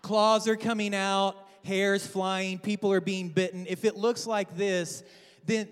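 A guest preacher in his thirties, whose voice sits high, gives a humorous sermon in a large church with a balcony, heard with long hall reverb. He tells family stories, jokes with the congregation, and acts out his relatives' voices.

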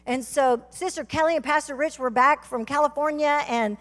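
A woman with a Southern US accent giving a fervent testimony sermon as a guest speaker, telling her story and building to shouts. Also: sits high, normal speed. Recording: reverberant hall.

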